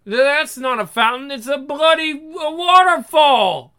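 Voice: medium pitch, expressive, moderate pace, sharp tone. A reader voicing a rowdy, foul-mouthed young woman, brash and exclaiming. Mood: frantic.

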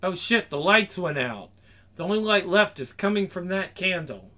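A man's voice: high voice, expressive, moderate pace, bright, forceful tone. A man voicing the hero of a video game, casual and wry with frequent swearing. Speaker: gamer voicing the main character. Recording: music playing behind.

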